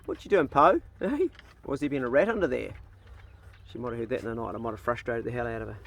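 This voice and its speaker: Kiwi farmer guy chatting on his phone, relaxed, swears a bit, talks to his dogs. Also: medium pitch, very fast, gravelly, a little hiss or hum. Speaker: farmer vlogger. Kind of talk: casual walk-and-talk vlog. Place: farm garden and dog kennels, outdoors. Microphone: phone held while walking.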